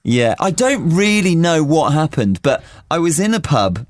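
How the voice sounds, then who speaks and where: Animated man telling a story. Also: fairly high pitch, moderate pace, dry recording, clean studio sound. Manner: rambling storyteller, lively and animated. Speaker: podcast co-host. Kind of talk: casual chat.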